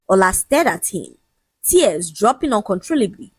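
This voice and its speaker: A woman narrating a dramatic folk tale in a lively storytelling manner. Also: mid-range voice, unhurried, breathy edge, dry recording.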